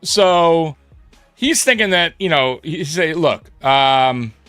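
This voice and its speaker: A man's voice: a little high, animated, slow, a bit bright, smooth, no echo, faint music behind. A man hosting a sports livestream in a casual chat, laughing often and swearing in slang. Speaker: livestream sports show host.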